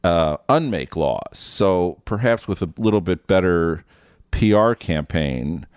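A man as a guest commentator, speaking in thoughtful, deliberate commentary. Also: low voice, animated, no room sound, studio quality. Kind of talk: measured spoken commentary.

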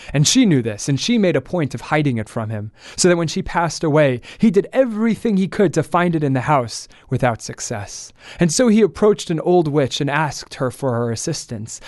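A man narrating a folk tale as the show's storyteller, in a steady, plain manner. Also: medium pitch, dry recording, studio quality. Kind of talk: scripted narration.

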